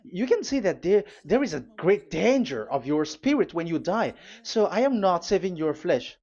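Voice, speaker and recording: A man's voice: sits high, sing-song, normal speed, a little mellow. A preacher, a man, delivers a live sermon in a voice that rises and falls widely as he presses home his warnings. His speech stops and starts with many fillers and restarts between scripture readings. The recording sounds dull and lo-fi. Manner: urgent, emphatic warnings.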